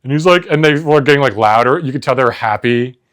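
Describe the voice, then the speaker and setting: A man from New Jersey, co-hosting a podcast in easygoing casual chat. His voice is mid-pitched, and he tells stories in a loose, rambling way, peppered with "like.". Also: fast. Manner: rambling, relaxed storytelling with frequent "like". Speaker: podcast co-host.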